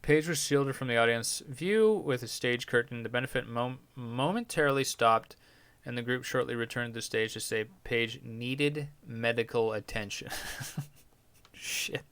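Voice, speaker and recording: A man's voice: medium pitch, measured pace, fairly bright tone, clear, resonant tone, no room sound. A young man hosting a podcast, reading news stories aloud and reacting with crude, irreverent jokes. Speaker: podcast host.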